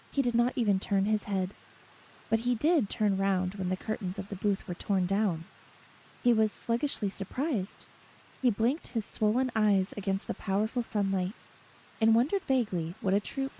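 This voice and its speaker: A woman reading a novel aloud in a soft, unhurried ASMR story reading. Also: medium pitch, slightly rough, rough recording.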